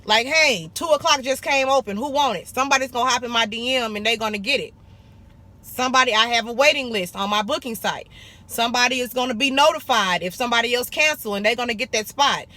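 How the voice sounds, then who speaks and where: A woman's voice: on the high side, fast talker, pushed and bright. A young woman from Arkansas, giving blunt, sassy business advice in a casual vlog and calling viewers honey and baby. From Arkansas, USA. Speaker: esthetician vlogger.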